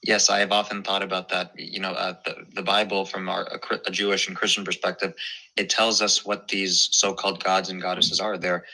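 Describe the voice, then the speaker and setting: A man's voice: low-pitched, little pitch movement, fairly quick, gravelly, bright, forceful tone, poor audio. A man hosting a casual interview, hesitant and stumbling over his words, often sounding amazed. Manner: hesitant, many fillers and restarts, amazed.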